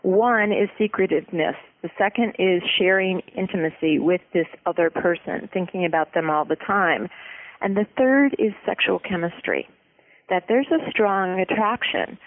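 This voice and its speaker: A guest expert giving relationship advice in an interview, explaining in an earnest, steady way. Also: medium pitch, no room sound. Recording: tinny phone-like line.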